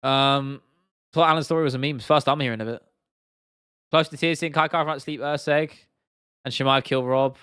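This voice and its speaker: A man's voice: medium pitch, moderate pace, long pauses, smooth, no echo, clean studio sound. Young man chatting on a livestream. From England. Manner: blunt and animated, swears freely, reads out viewer comments. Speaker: livestream host. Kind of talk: casual livestream chat.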